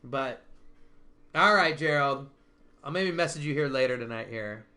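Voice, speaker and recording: A man's voice: mid-range voice, animated, normal speed, sharp tone. A man hosting a casual online chat, rambling with restarts and frequent laughter. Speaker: stream host.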